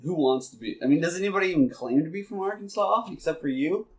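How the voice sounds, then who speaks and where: A man's voice: fairly high pitch, animated, fast. A man co-hosting a casual podcast chat, teasing and joking with his friends. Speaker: podcast co-host.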